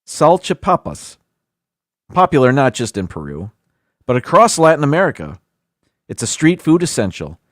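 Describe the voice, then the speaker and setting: A livestream host with a brisk, sing-song, mid-range voice reads a countdown list aloud, adding chatty asides and stumbling self-deprecatingly over foreign words. The audio is studio quality with no room sound, and the stream is casual.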